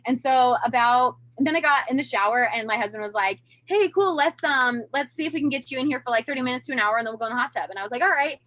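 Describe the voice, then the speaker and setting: A woman in her thirties, a podcast guest telling a long story in casual chat, animated and acting out the voices of the people she quotes. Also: fairly high pitch, very fast, hardly any pauses, no echo.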